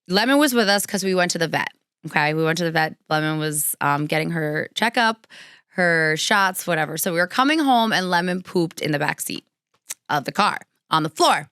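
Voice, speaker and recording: A young woman tells a story casually, with frequent laughs, and her voice jumps high when she gets excited. Her voice is fairly low and smooth. The sound is dry and close. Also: normal speed, dry recording. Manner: animated, laughing often, pitch jumping high when excited. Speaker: podcast host.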